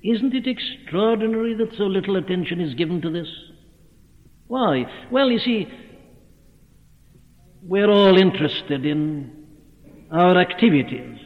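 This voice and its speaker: A man's voice: sits high, expressive, measured pace, long pauses, narrow, tinny audio. A man preaching a sermon in an earnest manner, rising to fervent cries. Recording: phone-thin old sermon tape in a reverberant hall.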